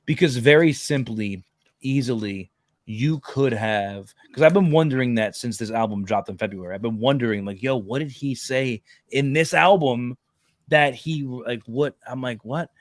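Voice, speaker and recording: Animated man telling stories, dry sound. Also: mid-range voice, normal speed, no echo. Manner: animated storyteller, says "yo" and "bro" a lot. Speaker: podcast host. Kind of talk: casual faith conversation.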